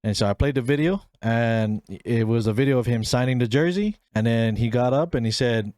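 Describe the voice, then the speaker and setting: A young man in his twenties hosting a solo podcast, telling stories in a casual, animated way and acting out the voices in his quotes. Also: medium pitch, fairly quick, hardly any pauses, no room sound, studio quality. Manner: animated storyteller, acts out voices in quotes, laughs often. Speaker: podcast host.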